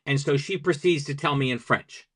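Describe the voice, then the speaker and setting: An American man talking in a relaxed interview, telling lively stories and acting out the dialogue in them. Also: on the high side, moderate pace. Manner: lively anecdotal, acts out quoted dialogue. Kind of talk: conversational storytelling.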